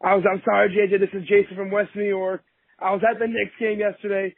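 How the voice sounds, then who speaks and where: Hoarse hyped man on a phone line. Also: high-pitched, little pitch movement, quick pace, no echo. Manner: hyped, chanting. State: hoarse, voice shot from cheering. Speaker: caller.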